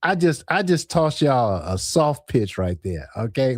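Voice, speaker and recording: A man hosting a casual livestream, reading viewer comments aloud, laughing often and answering the chat with an animated manner. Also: medium pitch, unhurried, dry recording, studio quality. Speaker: livestream host. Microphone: headset or desk mic with earphones.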